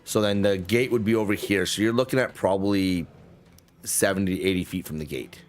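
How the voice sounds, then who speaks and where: A man's voice: sits low, a little fast, slight background noise. A man narrating as game master of a tabletop game, casual and rambling, often restarting mid-sentence and swearing.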